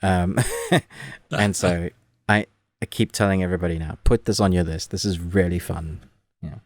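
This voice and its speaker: A man with a fairly low voice chats casually about a film as a podcast co-host. He rambles, restarts his sentences and gets animated as he goes. The sound is dry, with no room echo. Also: normal speed. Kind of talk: casual movie review chat.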